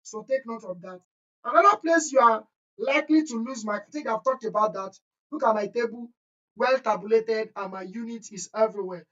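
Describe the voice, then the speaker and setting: A woman's voice: fairly high pitch, brisk, fairly bright tone, lo-fi sound. A woman chemistry teacher, giving an exam-prep lesson in an emphatic, scolding way that repeats key points. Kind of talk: exam-prep lesson, screen-share walkthrough.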